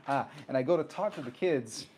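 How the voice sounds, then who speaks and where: A man hosting his own talk show, telling a personal story in a casual, animated way and acting out the voices of people he met. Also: medium pitch, fairly quick, noisy background. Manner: animated, acts out quoted voices. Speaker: host.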